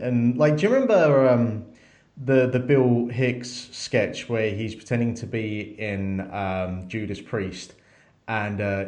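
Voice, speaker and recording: Excitable podcast co-host, a man with a lower voice in a roomy space. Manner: excitable, swearing, animated. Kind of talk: casual chat.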